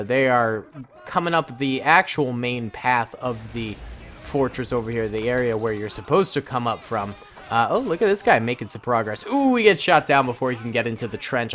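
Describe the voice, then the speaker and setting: A young man giving lively video game commentary, excitable, with loud exclamations and laughs. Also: a little high. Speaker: gaming YouTuber.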